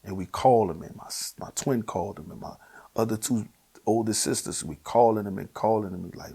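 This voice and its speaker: A man with a New Orleans accent telling his personal testimony, earnest and emotional, at times sinking to a hushed near-whisper. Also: fairly low pitch, a little fast, slightly rough. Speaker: guest sharing his testimony.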